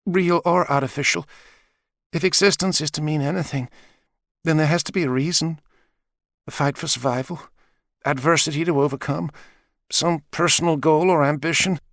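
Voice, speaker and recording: A male audiobook reader voicing a calm, philosophical female robot that speaks slowly and deliberately. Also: a little high, no room sound, voice pushed up. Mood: weary, resigned. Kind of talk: audiobook character voice.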